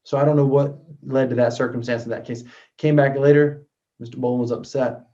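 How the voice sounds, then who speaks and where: Male motivational storyteller, earnest, loud then hushed, warm low timbre, muffled audio. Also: fairly even intonation, brisk. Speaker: motivational speaker. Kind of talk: storytelling talk. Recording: dull lo-fi recording.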